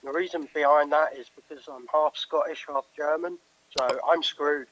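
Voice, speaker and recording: British comedian guest on a dull lo-fi line. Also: male voice, on the high side, fairly even intonation, moderate pace, a bit bright, slight background noise. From United Kingdom. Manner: easygoing, hesitant, with fillers. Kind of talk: casual interview chat.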